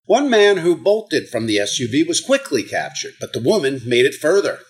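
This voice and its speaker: Male comedy countdown host, slightly high voice, sarcastic and profane. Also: sing-song, moderate pace. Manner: sarcastic, mocking, profane asides. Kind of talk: comedic news commentary.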